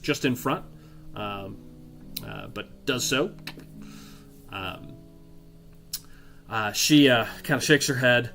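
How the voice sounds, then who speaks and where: A male game master narrating a tabletop game at a middle pitch, stopping often with fillers as he thinks. Faint guitar music plays softly underneath. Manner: hesitant, many fillers.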